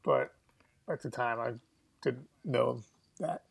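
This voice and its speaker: Slow-talking gravelly man telling a story. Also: medium pitch. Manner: laughing storyteller, swearing, acting out quotes. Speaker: guest musician. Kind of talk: casual storytelling.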